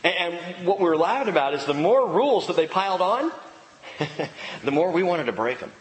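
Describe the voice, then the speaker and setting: A male pastor preaching with a lively, swooping delivery and a fairly high voice. He is playful and bursts into emphatic lines. The sound rings with long reverb under a faint room hum. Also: normal speed. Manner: animated, playful preaching with sudden emphatic outbursts. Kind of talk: sermon. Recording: reverberant hall with faint ambience.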